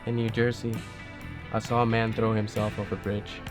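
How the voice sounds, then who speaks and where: A man plays a haunted, brooding drifter speaking in film voice-over. His delivery is flat and even, reflective and unhurried, with guitar music clearly heard underneath. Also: on the low side, close to an everyday voice. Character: brooding male wandering drifter.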